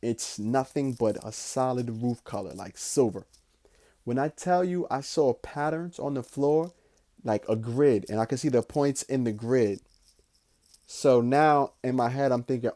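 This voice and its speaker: Young male podcast host, mellow voice, animated profane storyteller with lots of fillers. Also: medium pitch, measured pace. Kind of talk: casual storytelling.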